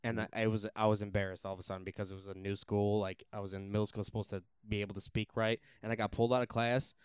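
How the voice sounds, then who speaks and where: A man's voice: lowish voice, little pitch movement, fast, clear, resonant tone, no room sound, studio quality. A young man co-hosting a podcast, chatting casually in a small room, rambling and laughing as he talks. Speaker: podcast co-host. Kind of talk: casual chat. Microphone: podcast mic with headphones.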